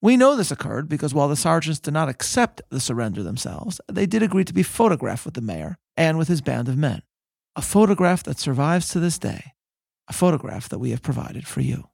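Gravelly man narrating history. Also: a little high, sing-song, darkish tone, dry recording, studio quality. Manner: measured storytelling, slows for emphasis. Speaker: podcast host.

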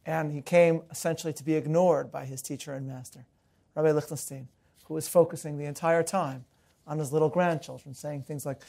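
A man's voice: fairly high pitch, steady tone, fairly quick, gravelly, a little mellow. A middle-aged man lecturing as a rabbi, earnest and mixing stories with humor. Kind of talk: recorded lecture.

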